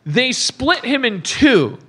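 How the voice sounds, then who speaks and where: A middle-aged man with a very high voice tears into a movie on a podcast. His bright, lively delivery swings up and down as he swears and mimics characters. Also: slow pace, slightly rough. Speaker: podcast guest comedian. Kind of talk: comedic movie rant.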